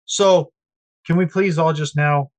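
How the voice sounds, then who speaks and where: A man's voice: a little high, steady tone, a little slow, no room sound. A man co-hosting a casual podcast over a video call, crude and profane, mocking and ranting. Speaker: podcast co-host. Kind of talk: casual chat.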